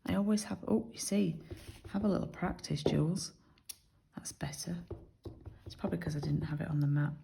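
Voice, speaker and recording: A British craft demonstrator shows how to make cards, chatting step by step and explaining each move as she works. Her low voice is gravelly and mellow, fairly quick with frequent pauses. The audio is poor, with slight background noise.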